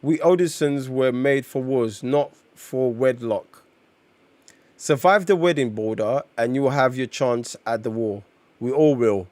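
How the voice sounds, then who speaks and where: A man voicing a gruff male warrior god from a comic, read aloud with small stumbles. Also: mid-range voice, measured pace, a little mellow, no room sound, pitched below the performer's own voice, close to an everyday voice. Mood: grim.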